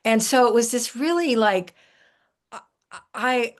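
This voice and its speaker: An older woman, an herbalist guest, telling stories in a relaxed, folksy way, often restarting her sentences. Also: fairly high pitch, unhurried. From United States. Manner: warm folksy storytelling with frequent restarts and laughs. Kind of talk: relaxed conversational storytelling.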